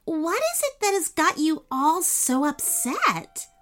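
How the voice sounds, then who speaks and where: Casting: woman playing a sweet, polite young girl, high and eager, slow-spoken. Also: sing-song, fairly bright tone, slight background noise, exaggerated voice. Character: polite kind seven-year-old girl.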